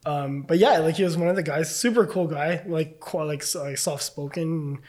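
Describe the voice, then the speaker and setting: A man's voice: a little high, moderate pace, a little mellow. A man casually telling a story as a podcast guest, loose and chatty, full of fillers and swearing.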